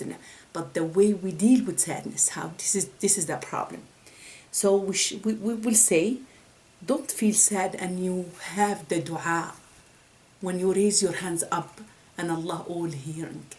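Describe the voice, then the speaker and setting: A woman giving a faith talk with a story, halting and restarting often. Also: on the low side, darkish tone, poor audio. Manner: halting, with many restarts and repeated words. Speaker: religious speaker.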